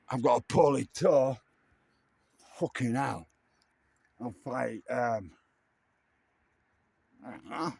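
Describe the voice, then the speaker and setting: A man's voice: medium pitch, vocal fry, fairly bright tone, slight background noise. A tipsy middle-aged man, rambling and swearing casually through a vlog monologue. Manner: meandering, swears casually, slow drawl. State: tipsy from drinking. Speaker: vlogger. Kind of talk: rambling late-night monologue.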